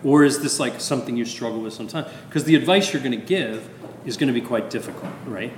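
A man in his fifties, a priest, talking casually about confession in an animated, chatty way full of asides and fillers. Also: mid-range voice, fast talker, slight background noise. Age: 50s. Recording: echoey room with long reverb.

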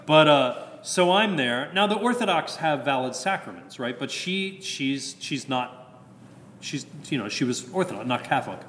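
A man's voice: medium pitch, big pitch swings, normal speed, a bit bright. A male priest telling a personal story in a candid, rambling way, chuckling at his own jokes. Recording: reverberant hall with faint background noise.

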